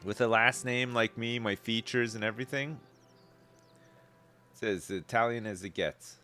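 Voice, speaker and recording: A man's voice: mid-range voice, moderate pace, bright, forceful tone, soft background music. A Canadian man chatting casually on a live gaming stream, rambling and laid-back, swearing freely and chuckling often.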